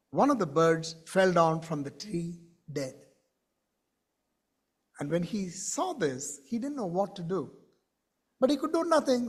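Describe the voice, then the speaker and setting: A man giving a conference keynote, talking to the audience directly and acting out the voices in a story he tells. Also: sits high. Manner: animated, acts out dialogue in his stories. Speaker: keynote speaker. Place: conference stage.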